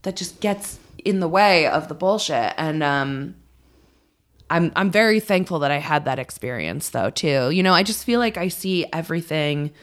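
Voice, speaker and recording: A woman's voice: deep voice, expressive, moderate pace. A woman in her thirties, a podcast guest talking candidly and rambling, swearing freely and poking fun at herself. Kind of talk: candid casual chat.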